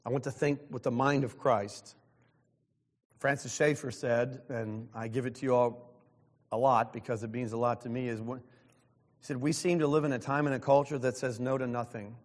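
A man's voice: mid-range voice, steady tone, moderate pace. Man in his sixties preaching in a reverberant hall. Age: 60s. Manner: earnest preaching with self-deprecating asides. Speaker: pastor. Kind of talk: sermon.

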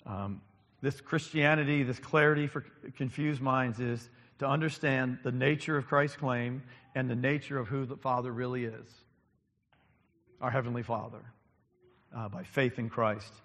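A male pastor preaches at a mid pitch, pausing often on ums and repeating key lines for emphasis. His voice rings out through a large church sanctuary with a long, trailing reverb. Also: steady tone, fairly bright tone. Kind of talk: sermon.

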